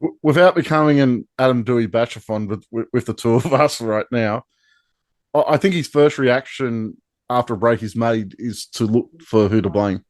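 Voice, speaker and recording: Aussie male podcast host, mid-pitch, dry close sound, wry teasing delivery. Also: normal speed, dry recording. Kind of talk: casual sports chat.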